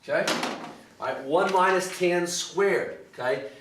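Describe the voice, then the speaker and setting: A man's voice that sits high and sounds a bit bright works through a math lesson at a measured pace, step by step, regularly checking in with "okay" or "all right." The mic is distant, leaving him somewhat off-mic in an echoey space with clear background noise.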